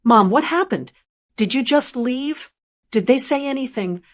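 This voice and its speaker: A protective grown daughter, put on by a woman narrator, speaks with urgent emphasis. Her voice sits a little higher than the narration around it, yet she never rushes. The lines come in a storybook reading rather than a full character performance. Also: lively intonation. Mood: worried. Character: fierce, protective adult daughter on the phone.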